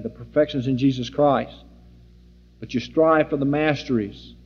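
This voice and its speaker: A man teaching an informal sermon, folksy and animated, acting out the scenes he describes. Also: on the high side. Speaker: Bible teacher. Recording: dull lo-fi recording in a reverberant hall.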